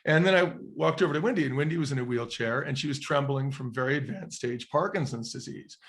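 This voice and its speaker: A man's voice: medium pitch, quick pace, fairly bright tone. Earnest man telling a personal story. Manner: earnest, reflective storytelling with acted-out quotes. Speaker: interview guest, former restaurant chain executive. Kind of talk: storytelling in a podcast interview.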